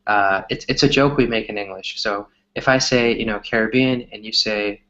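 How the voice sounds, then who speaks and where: A man tutoring English in a relaxed, chatty conversation, explaining with lots of examples. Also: lowish voice, moderate pace, muffled recording. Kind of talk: casual conversation lesson.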